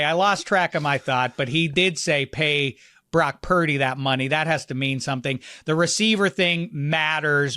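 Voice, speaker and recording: A man with a bright, sharp voice co-hosting a sports podcast. He talks in an animated way, riffing with asides and jokes. The sound is dry and close to the mic. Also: medium pitch, no echo. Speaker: podcast co-host. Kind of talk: casual sports chat.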